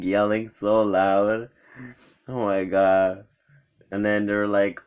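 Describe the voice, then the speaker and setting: In a casual vlog, a young man with a low voice tells a rambling, animated story about a day out with his friends, acting out the things they said.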